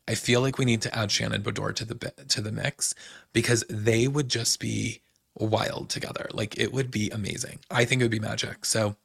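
A man's voice: fairly low pitch, gravelly, fairly bright tone, dry recording, clean studio sound. A male podcast host in a casual recap chat, rambling with lots of "like"s and restarts. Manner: chatty, many "like"s and restarts.

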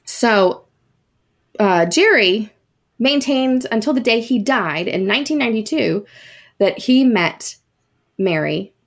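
A woman's voice: fairly high pitch, lively intonation, slow pace, long pauses. A woman hosting a podcast, telling a ghost story in a casual, chatty way with many fillers and asides. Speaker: podcast host.

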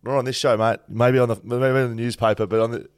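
A man's voice: medium pitch, fairly even intonation, fast, clean tone, dry recording, studio quality. An Australian man hosting a podcast in casual chat, with jokey, teasing banter. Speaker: podcast host.

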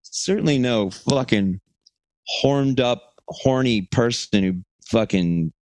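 A man's voice: mid-range voice, slow pace, a little mellow, no room sound. A man from Texas co-hosting a podcast, telling a rambling, profane anecdote and acting out quotes in a casual chat. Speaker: podcast co-host.

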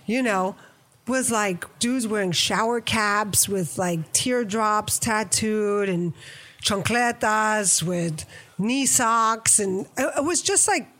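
A middle-aged New York woman, a photographer, tells stories in a casual interview, speaking slowly at a medium pitch. She's animated and acts out the voices of the people she quotes.

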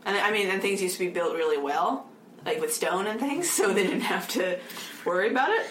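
A woman's voice: medium pitch, lively intonation, a little fast, fairly bright tone. A young woman co-hosting a casual chat, rambling with lots of fillers and frequent laughter. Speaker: podcast co-host. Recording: echoey room with faint noise.

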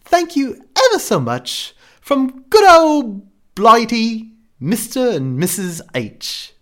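A man doing a prim, posh British correspondent, all put-on accent and lifted pitch. The delivery is sing-song and exaggerated, leaning into every syllable. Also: huge pitch swings, slow, heavily acted. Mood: theatrical.

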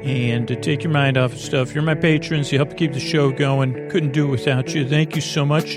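A man hosting a bedtime podcast with a creaky voice, talking in a meandering, self-interrupting way and drawing out his words. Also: mid-range voice, fairly even intonation, a little fast, hardly any pauses, over loud music. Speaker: host. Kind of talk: rambling bedtime podcast monologue.

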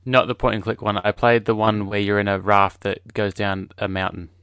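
A man with a low, smooth voice tosses dry, sarcastic one-liners into a casual film chat. The sound is dry and close to the mic. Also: little pitch movement, moderate pace, fairly bright tone, no echo. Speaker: podcast co-host. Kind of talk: casual movie commentary chat.

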